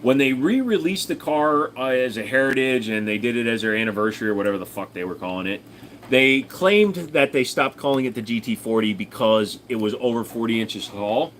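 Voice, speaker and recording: A man's voice: mid-range voice, expressive, brisk, a bit bright, slight background noise. Casual rambling man chatting on stream. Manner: rambling, profane, answers chat. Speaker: streamer reading chat. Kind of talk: casual live-stream chat.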